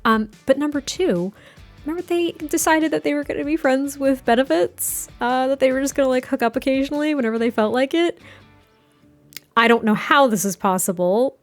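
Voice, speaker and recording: A woman's voice: high voice, fairly quick, faint music behind. A young woman gaming creator giving casual, rambling commentary, chatty and giggly with lots of fillers.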